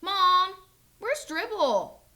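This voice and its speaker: A woman's voice: sits high, big pitch swings, normal speed, fairly bright tone, heavily acted. A woman voicing an upset boy of about nine who pleads and protests, read from a children's storybook. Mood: indignant. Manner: pleading, indignant.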